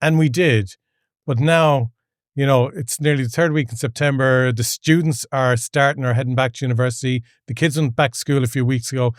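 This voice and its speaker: A man's voice: medium pitch, fairly quick, no room sound, studio quality. A man hosting a podcast, steadily leading a casual chat. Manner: steady, leads the conversation. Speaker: podcast host.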